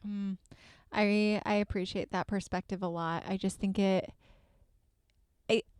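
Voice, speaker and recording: A woman hosting a podcast in casual chat, animated and laughing often, acting out what others say. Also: medium pitch, measured pace, clean tone, dry recording. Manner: animated, laughs often, acts out quoted voices. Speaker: podcast host.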